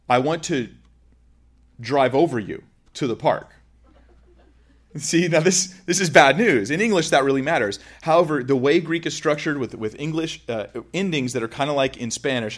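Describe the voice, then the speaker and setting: A man giving an informal lecture, explaining with everyday examples in a conversational way. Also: mid-range voice. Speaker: teacher.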